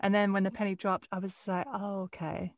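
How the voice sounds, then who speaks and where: A woman's voice: mid-range voice, monotone, quick pace, no room sound. A woman actor with a mild Essex accent, telling rambling anecdotes in a casual conversation. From England. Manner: chatty, rambling anecdotes, frequent restarts.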